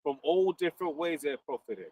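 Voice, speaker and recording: A man's voice: on the high side, animated, fairly quick, darkish tone. A man in casual chat, hesitant and searching for his words. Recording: distant mic.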